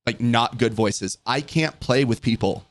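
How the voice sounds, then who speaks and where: A man's voice: medium pitch, a little slow, no echo. A man hosting a podcast, chatting casually and earnestly, with rambling restarts. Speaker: podcast host. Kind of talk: casual chat.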